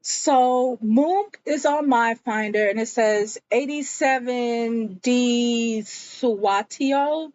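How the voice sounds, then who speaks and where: A woman's voice: fairly high pitch, extremely slow, hardly any pauses, a little mellow, highs cut off. A woman casually recapping a TV episode, telling the story in a chatty way and slipping into the characters' quoted lines as she goes.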